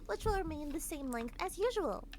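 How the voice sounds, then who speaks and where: Gleeful, squeaky game announcer. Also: female voice, very animated, normal speed, very noisy. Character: gleeful high-pitched female game announcer.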